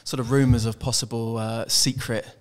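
A man's voice: mid-range voice, little pitch movement, normal speed, a little mellow. A man co-hosting a podcast, asking friendly, hesitant questions full of fillers. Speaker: podcast co-host. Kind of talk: casual interview chat.

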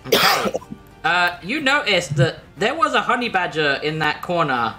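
Game master, woman, animated delivery that swears casually, clear music underneath. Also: on the low side, normal speed. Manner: chatty, laughing, swears casually. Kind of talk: narrating a tabletop game. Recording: background music.

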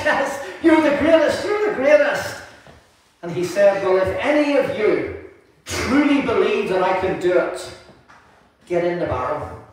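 A man preaching a sermon, praying quietly at first and then telling stories with lively humour. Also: high voice, slight background noise. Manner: prays softly, then preaches with lively storytelling and laughter. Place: church hall. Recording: echoey room from far off.

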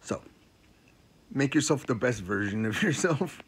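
A male comedian doing a profane stand-up rant, repeating lines and swinging from loud outbursts to low mutters. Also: lively intonation, unhurried, slight background noise.

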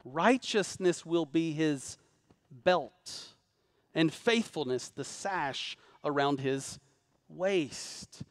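A man's voice, pitched high for a man, preaches to a live congregation in a church. He swings from rising, urgent calls for amens down to low, hushed emphasis. The sound is close and dry, with little room in it. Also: extremely slow, no room sound. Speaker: pastor. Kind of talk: sermon. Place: church sanctuary before a congregation.

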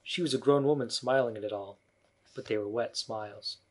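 A male audiobook narrator reading a children's classic in a measured, even scripted narration. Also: medium pitch.

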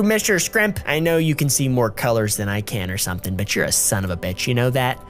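Woman gamer host, lively up-and-down pitch, lower side, excitable and foul-mouthed, with faint music behind. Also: normal speed. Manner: excitable, swearing, giggly, jokey. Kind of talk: casual gameplay commentary.

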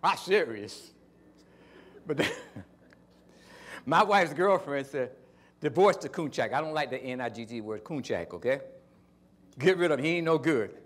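An older man preaching a sermon, emphatic with sudden loud rises, telling stories in casual folksy phrasing. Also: medium pitch, animated, measured pace, long pauses. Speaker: pastor.

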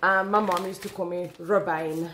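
A woman unboxing gifts on camera, talking excitedly and emotionally to her viewers. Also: on the low side, normal speed, roomy sound, a little hiss or hum. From South Africa. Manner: excitable, emotional, exclaiming and laughing. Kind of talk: casual chat to camera.

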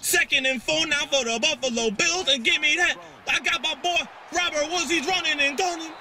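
A young man giving excitable, trash-talking commentary over his own football video game, sometimes drifting into a sing-song delivery. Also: very high voice, moderate pace, background noise. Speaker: gaming YouTuber. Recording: music playing behind.

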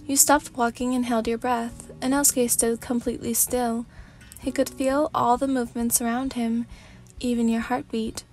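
A woman narrating a fanfic as a sleepy ASMR reading, in a calm, steady storybook manner. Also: a little high, moderate pace.

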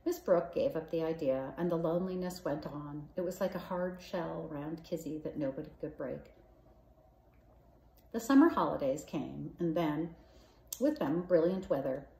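A woman reads a children's novel aloud, calm and measured. Her voice is low and mellow, and a roomy echo hangs around it. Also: gravelly. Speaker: storyteller. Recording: echoey room.

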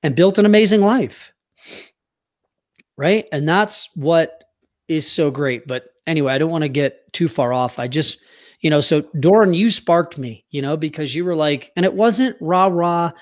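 A man's voice: on the high side, moderate pace. A middle-aged man from the United States telling a heartfelt personal story as a podcast guest, earnest and at times choked up. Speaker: youth hockey coach.

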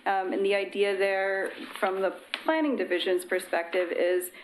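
A woman's voice: mid-range voice, little pitch movement, reverberant, a little hiss or hum, poor audio. A woman city planner explaining code amendments at a public meeting. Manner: explanatory, brisk at times.

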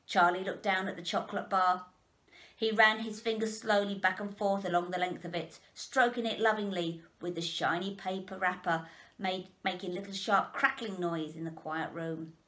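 Lady reading a kids book out loud, soft and expressive. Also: mid-range voice, normal speed. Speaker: children's storyteller. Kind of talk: reading a children's book aloud.

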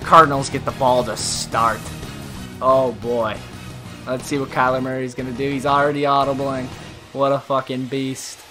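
A man commentating a simulated football video game in a casual, profane, mocking way, getting loud and worked up at big plays. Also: mid-range voice, level tone, normal speed, soft background music. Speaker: gaming YouTuber.

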